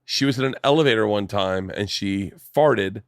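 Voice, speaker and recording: A man in his forties with a low voice hosts a casual podcast chat from a home studio. He tells stories with energy and acts out every voice in them. The sound is dry and close to the mic. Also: normal speed, creaky, no room sound. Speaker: podcast host.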